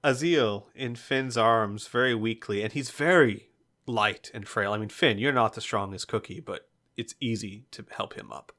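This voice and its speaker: A man's voice: lowish voice, pushed and bright. A man narrating a tabletop role-playing game as game master. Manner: unhurried, with fillers.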